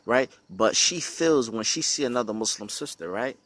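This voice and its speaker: Speaking on a religious channel, an American man delivers impassioned commentary in a medium-pitched, fairly bright voice with lively intonation at normal speed. He is emphatic, repeats phrases, and often poses rhetorical questions to listeners. There is no room sound.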